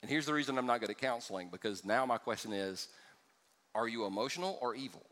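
A male pastor preaching a sermon, joking with the congregation and dropping from loud exclamations to hushed asides. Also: medium pitch, expressive, fast. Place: church sanctuary before a congregation. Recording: church hall with long reverb.

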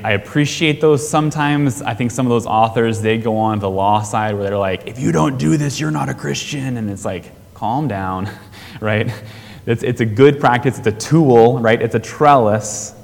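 Man, lowish voice, chatty church teacher, long reverb hall, keeps checking in with "right?". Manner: conversational, asks the audience questions, frequent "right?". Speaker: teacher on family discipleship.

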